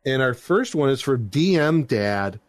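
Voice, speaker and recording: A man's voice: medium pitch, sing-song, measured pace, no room sound. A middle-aged man hosting a casual podcast, reading listener reviews aloud with jokes, close to a dry mic. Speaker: podcast host.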